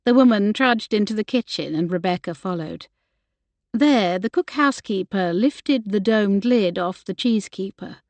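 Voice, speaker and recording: A woman reading an audiobook with measured, even storytelling, close to a studio mic. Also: medium pitch, no room sound. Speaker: audiobook narrator. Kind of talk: scripted narration.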